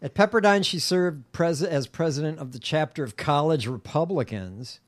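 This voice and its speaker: A podcast co-host casually reading facts aloud, hesitant and filling pauses with ums. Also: mid-range voice.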